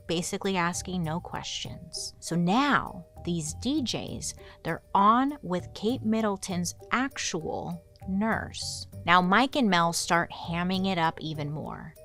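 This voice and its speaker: A woman's voice: fairly low pitch, bright, forceful tone. A woman podcast host telling a true crime story in a chatty, casual way full of "like" fillers.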